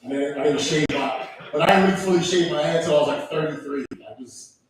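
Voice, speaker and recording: A man's voice: on the high side, fairly quick, crowd noise. Rambling man doing stand-up, echoey room. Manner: loose, rambling, cursing. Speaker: open mic host and comedian. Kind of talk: stand-up comedy. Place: small comedy club stage. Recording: very echoey room, far from mic.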